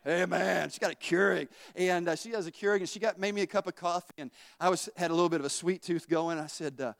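High-voiced preacher in an echoey hall. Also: male voice, fast talker, vocal fry. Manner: folksy, animated storytelling with laughs. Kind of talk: sermon.

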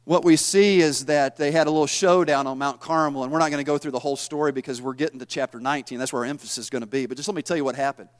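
A man preaching a sermon, retelling scripture in a folksy, animated style. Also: fairly high pitch, rapid-fire, few pauses. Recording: long hall reverb.

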